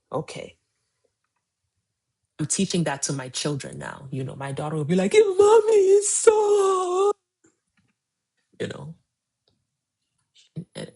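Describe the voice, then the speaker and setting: A woman's voice: low voice, creaky, darkish tone, slightly rough. A woman in her forties coaching on a casual livestream, emphatic and repeating key phrases. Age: 40s. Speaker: weight-loss coach. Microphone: phone livestream.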